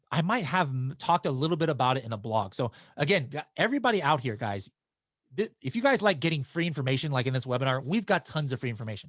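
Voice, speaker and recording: A man hosts a live webinar and works through viewer questions in a loose, chatty manner. His pitch sits in an ordinary middle range. The sound is dry and close, with no room echo. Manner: casual and chatty, with frequent restarts and fillers.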